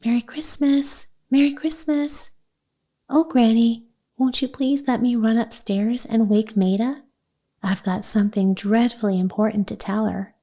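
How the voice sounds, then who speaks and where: Audiobook: woman voicing an eager little girl, breathless and gushing, unhurried read. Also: fairly high pitch, fairly even intonation, warm tone. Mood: excited. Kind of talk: audiobook character voice.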